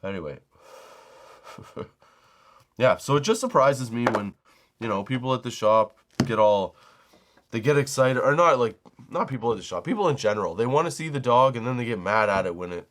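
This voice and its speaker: A man's voice: mid-range voice, animated, moderate pace, long pauses, fairly bright tone. A middle-aged man hosting a comedy podcast, telling stories in a loose, profane rant, laughing at his own jokes and acting out the people he quotes. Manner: acts out quoted people in raised voices. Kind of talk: casual comedic storytelling monologue.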